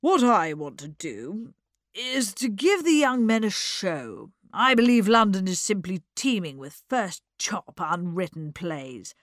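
A woman reading aloud plays an enthusiastic man holding forth in an emphatic, declamatory way. The delivery is slow and broad, with lively rises and falls. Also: mid-range voice, dry recording, studio quality. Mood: declaiming. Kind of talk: audiobook character voice.

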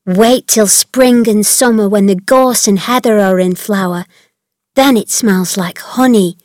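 A woman's voice: a little high, a little slow, dry recording, natural voice. A woman doing a cheerful young servant girl. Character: cheerful young female servant, chatty and kind.

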